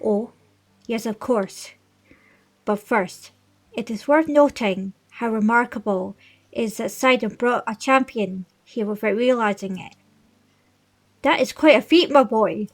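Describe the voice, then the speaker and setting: A woman's voice: fairly high pitch, measured pace, pauses often. A woman voicing a stately old fish-folk king. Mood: earnest. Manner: formal, stately reading of game dialogue. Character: older male fish-folk king, regal and fatherly. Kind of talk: reading video game dialogue aloud.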